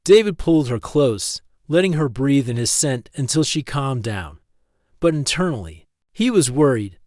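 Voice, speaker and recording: A man narrating a written story in a steady, even scripted reading. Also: medium pitch, moderate pace, no room sound, clean studio sound.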